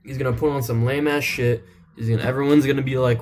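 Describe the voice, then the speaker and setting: A man's voice: medium pitch, steady tone, quick pace, a little mellow, slight background noise. A man giving rambling, profane, joking commentary as a channel host. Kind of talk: casual comedic commentary.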